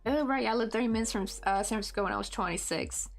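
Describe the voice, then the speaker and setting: On a crochet livestream, a Tennessee woman with a light West Tennessee Southern accent rambles casually, full of fillers. Her voice is fairly high and gravelly, she talks at a racing pace, and soft music plays in the background.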